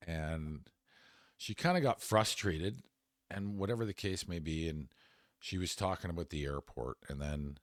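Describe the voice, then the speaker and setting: A man in his fifties co-hosting a podcast, telling a personal story in casual chat, animated and laughing as he goes, with the odd swear. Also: deep voice, measured pace, no room sound, studio quality. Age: 50s. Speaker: podcast co-host.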